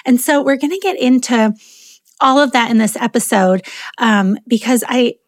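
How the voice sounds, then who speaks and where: A woman's voice: on the high side, normal speed, dry recording, clean studio sound. Earnest woman hosting a faith podcast. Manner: earnest, many ums, gets emotional. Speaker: podcast host.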